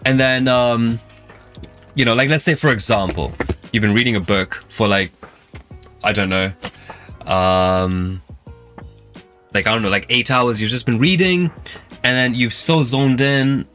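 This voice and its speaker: A man from England with a London accent speaks at a measured pace with long pauses, his medium-pitched voice a bit bright. Hosting a music channel, he chats casually with live viewers, telling long, rambling stories packed with fillers.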